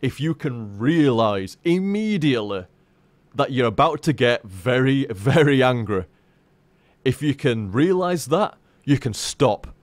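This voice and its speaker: A man chatting to his stream viewers in a frank, rambling way, with plenty of swearing and restarts. His voice sits at an average pitch and comes through a dry, close mic with no room sound. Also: lively intonation, a little slow, dry recording. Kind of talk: casual live-stream chat.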